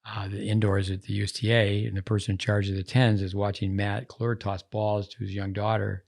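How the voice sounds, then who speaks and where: As a podcast host, a man with a low, gravelly, slightly mellow voice talks casually and fairly quickly, with little pitch movement. He drifts easily between stories, conversational rather than polished.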